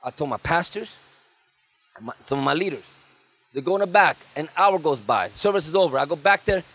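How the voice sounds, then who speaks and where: Guy preaching hard at a church service, high voice, keeps asking for amens. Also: brisk, slightly rough. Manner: fervent, calls for amens from the congregation; tells stories with lively asides. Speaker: guest pastor. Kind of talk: sermon.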